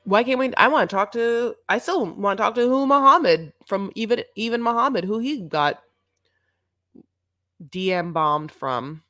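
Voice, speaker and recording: A woman's voice: medium pitch, lively intonation, normal speed, a bit bright. A young woman co-hosting a TV recap show, chatting casually in a sarcastic, rambling way. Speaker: co-host of a reality TV recap show. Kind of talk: casual chat.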